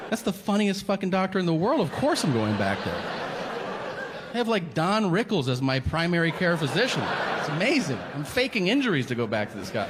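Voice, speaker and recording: A man's voice: on the high side, quick pace, noisy background. A man doing stand-up, telling a story with profanity and acting out both sides of a conversation. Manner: animated, profane, acts out both sides of a dialogue. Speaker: stand-up comedian. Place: large venue with audience laughter. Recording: live hall recording with long reverb.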